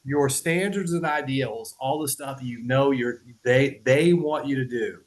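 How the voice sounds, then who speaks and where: A man's voice: medium pitch, measured pace, low-quality recording. A man in casual explanatory podcast talk, loose and conversational, swearing, laughing and often checking in with "right?". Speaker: podcast host.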